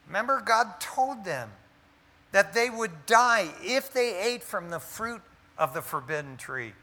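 A man's voice: high-pitched, lively intonation, unhurried, sharp tone. A man preaching a sermon in an emphatic, conversational way, often dropping in "man" as he speaks. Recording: echoey hall reverb.

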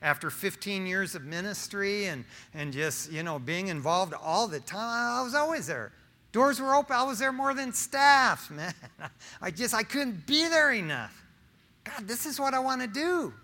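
A man's voice: high voice, animated, normal speed, bright, forceful tone. A middle-aged man preaching an informal sermon, talking straight to the congregation with questions and slang. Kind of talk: conversational sermon with personal testimony.

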